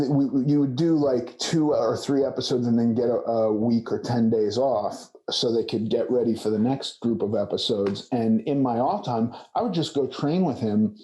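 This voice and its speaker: A man's voice: mid-range voice, dark tone. A man in his forties from California, a guest telling a casual story with many restarts. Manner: rambling storytelling with frequent restarts and profanity. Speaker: podcast guest, actor. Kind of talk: casual conversation.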